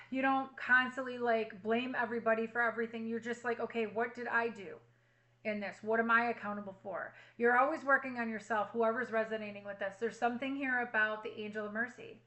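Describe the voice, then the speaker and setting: A woman's voice: a little high, bright, forceful tone, dull audio. A woman reading tarot cards for her viewers, earnestly reassuring them and repeating affirmations. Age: adult with a child at home. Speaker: tarot reader.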